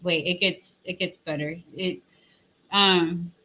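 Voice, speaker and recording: A woman's voice: fairly low pitch, fairly even intonation, takes it slowly, sharp tone, poor audio. A woman hosting a commentary channel, retelling an online argument in a sarcastic, mocking tone and reading out comments. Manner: rambling with fillers and restarts.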